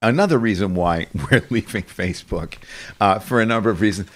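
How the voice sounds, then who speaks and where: A man's voice: fairly low pitch, brisk. A man hosting a show, telling rambling stories in casual chat and laughing often. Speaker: show host.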